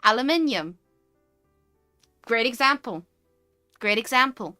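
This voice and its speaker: A young woman with a posh English accent, chatting casually on a stream and ranting with animated energy. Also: a little high, measured pace, dry recording, soft background music. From United Kingdom. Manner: animated, ranty. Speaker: VTuber streamer. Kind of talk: casual chat.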